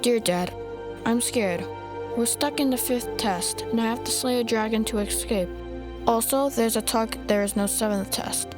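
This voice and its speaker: A woman's voice: on the high side, normal speed, natural voice. A woman playing a scared young boy. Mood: frightened, pleading. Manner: pleading, earnest. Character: scared young boy writing to his dad. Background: background music.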